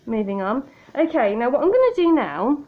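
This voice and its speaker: A woman's voice: high voice, very animated, normal speed, phone-quality sound. A woman chatting self-mockingly through a makeup tutorial at home, talking straight to the viewer. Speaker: makeup vlogger. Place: indoor room by a window. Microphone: tablet camera.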